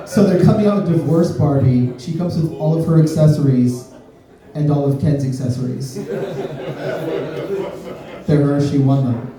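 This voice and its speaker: A man from Miami doing a stand-up comedy set, deadpan, breaking into sudden high-pitched voices when he acts out quotes. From Miami, USA. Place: comedy club stage. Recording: roomy club sound from a distance. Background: audience laughter.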